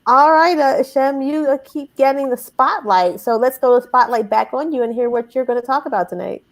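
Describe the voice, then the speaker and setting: A woman's voice: high-pitched, normal speed, poor audio. A woman hosting a podcast who laughs easily, agrees readily and steers the talk. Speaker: podcast host. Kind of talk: casual comedic chat.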